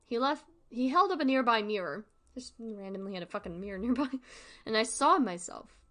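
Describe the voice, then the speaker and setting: A woman's voice: a little high, lively intonation, fairly quick, pushed and bright. A young woman reading creepypastas aloud with comic commentary, swearing a lot and breaking into laughter. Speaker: creepypasta reader and reactor.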